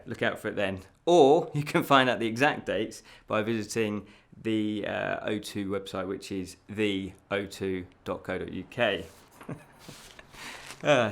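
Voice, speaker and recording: A man hosts a casual fantasy news show, chatty and laughing at his own slips. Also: on the low side.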